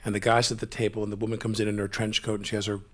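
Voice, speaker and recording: A man hosting a live stage interview, chatting and telling anecdotes in a lively storyteller manner. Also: lowish voice, very fast. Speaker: interview host. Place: theater stage before a live audience.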